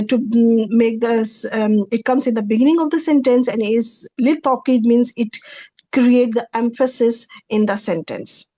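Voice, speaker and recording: A woman's voice: a little high, a little mellow, no echo. A woman teaching a Quranic Arabic grammar lecture over slides, explaining patiently with frequent restarts and repetitions. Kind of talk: slide-based online lecture.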